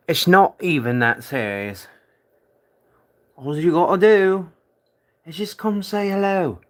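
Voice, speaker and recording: A man putting on a coaxing British bloke. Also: fairly high pitch. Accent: put-on British. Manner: coaxing, slangy, repeats "oi, mate".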